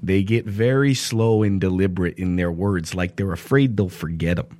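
A man's voice: sits low, normal speed, a little mellow. A man co-hosting a podcast in casual chat, joking and swearing freely, a voice actor who slips into accents. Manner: joking, profane, playful. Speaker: podcast co-host.

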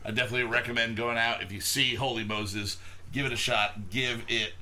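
A man's voice: mid-range voice, fairly even intonation, fairly quick, sharp tone. A man hosting a casual podcast, reviewing a beer and chatting loosely with friends, joking and swearing freely. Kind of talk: casual chat.

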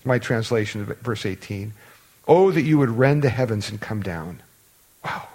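A man's voice: fairly low pitch, animated, normal speed, darkish tone, rough recording. A man preaching an expository sermon, conversational and earnest, with asides and rhetorical questions, reading scripture aloud with feeling. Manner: reads scripture aloud with feeling, rising in pleading passages. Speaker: pastor. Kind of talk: expository sermon, Bible teaching.

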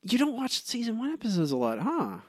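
A man's voice: very high voice, wildly swooping pitch, a little fast, no echo, clean studio sound. A man co-hosting a podcast in casual trivia chat, teasing his partner and rambling through answers with many fillers. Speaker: podcast co-host.

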